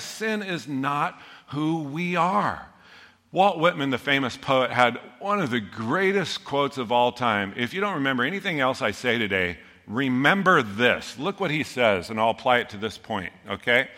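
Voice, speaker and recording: A male pastor delivers a sermon in a bright, forceful voice. He talks conversationally and with humor, pushing some lines out loudly and dropping others to a hushed, earnest level. The sound carries the long reverb of a large hall. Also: medium pitch, expressive, a little slow. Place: church.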